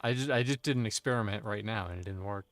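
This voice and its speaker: A man's voice: on the low side, quick pace, a bit bright, no echo. A man streaming a game, chatting casually with friends in a joking, playful way. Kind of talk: casual chat while gaming.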